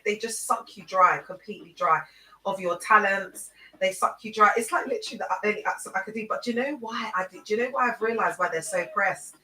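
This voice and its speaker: Brief: woman livestreamer, rambling casual chat, crisp bright tone, set back from a laptop mic. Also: mid-range voice, distant mic. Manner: rambling, chatty, answers viewers' comments by name. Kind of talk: casual live-stream chat. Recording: echoey room, voice away from the mic.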